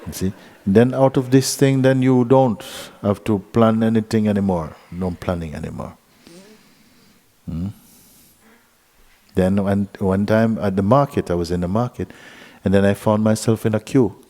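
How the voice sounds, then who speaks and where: A man giving a relaxed spiritual talk at a retreat, gentle and playful, often laughing as he tells a story. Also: fairly low pitch, normal speed. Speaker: spiritual teacher. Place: retreat hall.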